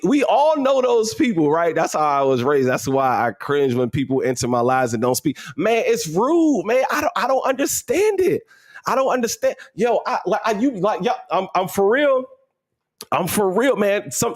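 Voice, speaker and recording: A man hosting a motivational livestream, talking casually and emphatically, repeating his points and using slang. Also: sits high. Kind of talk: animated motivational talk.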